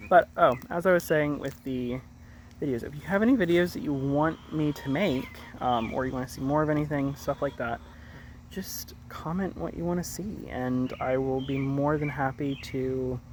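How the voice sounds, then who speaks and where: A man's voice: mid-range voice, moderate pace. A man giving a casual, rambling garden tour vlog, often correcting himself mid-sentence. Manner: rambling, self-correcting, chatty. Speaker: gardening vlogger. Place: outdoor garden. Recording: outdoor noise, sometimes far from mic. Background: birds and rural outdoor ambience.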